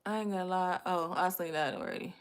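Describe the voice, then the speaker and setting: Speaking quickly with fairly even intonation, a young Miami woman with a Southern US Miami accent trash-talks and curses bluntly while ranting and chatting with her livestream viewers. Her voice sits on the low side, clear and resonant.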